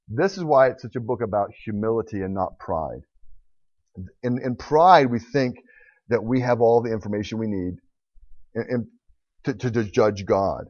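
A man's voice: lowish voice, moderate pace, long pauses, a little mellow, no room sound. A man preaching a sermon in an impassioned, emphatic way, often repeating words, on a dull, lo-fi recording.

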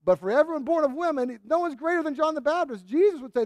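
Male preacher, high voice, earnest and emphatic, repeats phrases, dry close sound. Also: very animated, fast, few pauses, a little mellow, no room sound. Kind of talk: sermon.

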